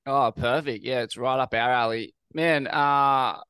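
A man's voice: medium pitch, fairly even intonation, a little slow, sharp tone, smooth, no room sound. A man hosting a casual interview who talks with loose enthusiasm and searches for his words. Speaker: podcast host.

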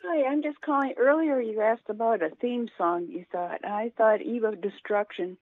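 A woman's voice: fairly high pitch, moderate pace, no room sound. A woman calling a talk radio show, chatty and rambling. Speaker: caller. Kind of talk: call-in radio chat. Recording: tinny phone line.

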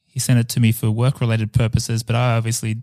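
A man co-hosting a podcast in casual chat, playful and quick to laugh. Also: medium pitch, monotone, dark tone, no room sound, clean studio sound. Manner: playful, laughs often, chatty with restarts. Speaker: podcast co-host.

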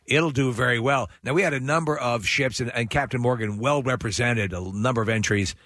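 Man, radio co-host, mid pitch, dry close studio mic, casual banter. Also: brisk, a bit bright, no echo.

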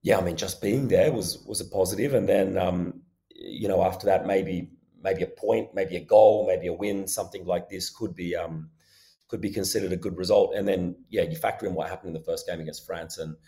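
Casting: male journalist guest, hoarse, gravelly low voice, mellow tone, rambling answers. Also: brisk. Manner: thoughtful, rambling. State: voice going hoarse. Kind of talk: remote interview.

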